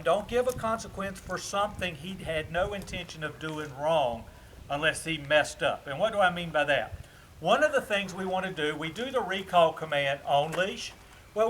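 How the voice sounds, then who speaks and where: High-voiced man teaching dog training outdoors. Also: a bit bright, slight background noise. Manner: instructive, chatty, addresses viewers directly.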